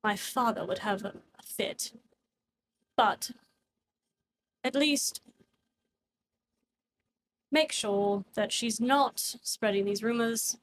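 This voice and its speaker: A woman's voice: a little high, takes it slowly, long pauses, slight background noise. A woman voicing a tipsy young nobleman in a tabletop game, a callous womanizer who talks in an offhand, drawling, dismissive way.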